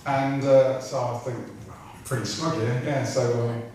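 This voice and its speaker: A man's voice: medium pitch, steady tone, moderate pace, darkish tone, far from the mic, a little hiss or hum. Irreverent British man telling stories in an echoey hall. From Britain. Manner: irreverent, swearing, chatty storyteller. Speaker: racing driver guest. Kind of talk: comic anecdote telling at a live evening. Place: large room at a live talk event.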